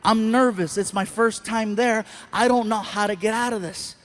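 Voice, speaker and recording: A man telling a stand-up comedy story with an animated, storytelling delivery. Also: high voice, normal speed.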